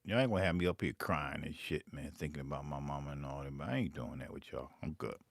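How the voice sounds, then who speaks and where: A man's voice: a bass voice, quick pace, gravelly, husky, dry recording. A man chatting casually while making beats live, rambling and profane. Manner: profane, rambling, animated storyteller. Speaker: beatmaker streaming live.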